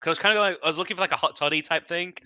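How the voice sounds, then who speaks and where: A man's voice: on the high side, rapid-fire, bright, forceful tone, clear, resonant tone, dry recording. A man co-hosting a podcast, laid-back and rambling in casual chat. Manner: laid-back, short replies, trailing off. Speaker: podcast co-host.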